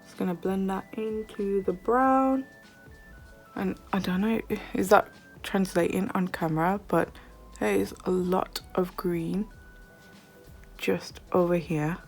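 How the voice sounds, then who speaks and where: Beauty vlogger lady, slow and gushy, squeals over shades, faint music behind. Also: medium pitch. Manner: gushing, excitable, gasps and squeals at shades. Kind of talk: makeup tutorial chat.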